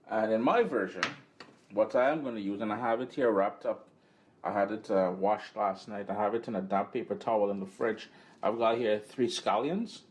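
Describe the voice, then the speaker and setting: A man's voice: on the low side, a little hiss or hum. A man hosting a home cooking demonstration in an upbeat, chatty way, recorded in his kitchen. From Caribbean. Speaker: cooking show host. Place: home kitchen and living room.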